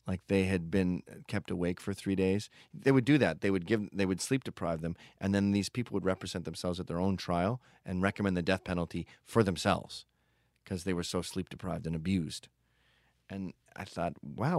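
A man's voice: low-pitched, a little mellow, no echo, clean studio sound. A man hosting a podcast, talking in a blunt, profane, digressive casual monologue. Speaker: podcast host.

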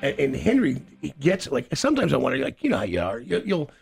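A man's voice: medium pitch, wildly swooping pitch, fast, gravelly, soft background music. A man chatting casually, rambling and stammering with frequent laughs. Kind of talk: casual chat.

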